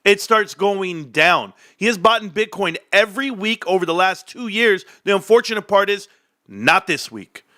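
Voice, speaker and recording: Brash, high-voiced man ranting about stocks. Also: moderate pace, hardly any pauses, sharp tone, no room sound, clean studio sound. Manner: brash, combative, profane. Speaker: stock market streamer. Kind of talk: ranting market commentary.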